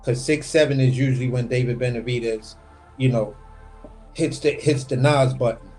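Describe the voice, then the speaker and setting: A man on a livestream video call, animated and opinionated, repeating words as he builds his point about boxing. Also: medium pitch, moderate pace, faint music behind. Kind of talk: casual boxing chat on a livestream.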